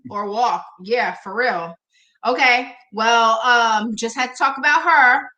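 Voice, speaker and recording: A woman's voice: a little high, slow, pushed and bright, muffled recording. A woman hosting a casual live chat show, outspoken and exclaiming, laughing often. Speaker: show host. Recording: echoey room.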